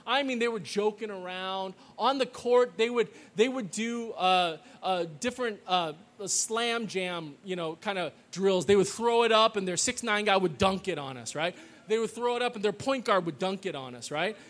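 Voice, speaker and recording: A man's voice: sits high, normal speed. A middle-aged man telling a story to a live audience, checking in with "okay?" and "right?" after nearly every line. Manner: animated, peppers lines with "okay?" and "right?"; loud call-and-response chanting with the audience.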